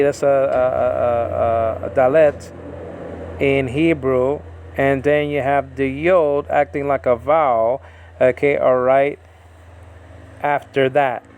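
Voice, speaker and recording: Slow, gravelly man teaching scripture. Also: mid-range voice, a little mellow, a little hiss or hum. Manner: halting, many fillers, sounding out Hebrew and Greek words. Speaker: Bible teacher. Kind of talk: informal scripture study.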